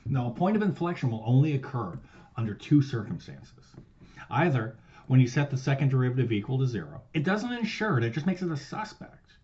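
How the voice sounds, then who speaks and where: A man teaching a casual recorded math lesson, loose and profane, swinging between loud stressed words and quiet trailing asides. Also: mid-range voice, big pitch swings, a little fast, highs cut off. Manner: loose and profane, swears casually while explaining.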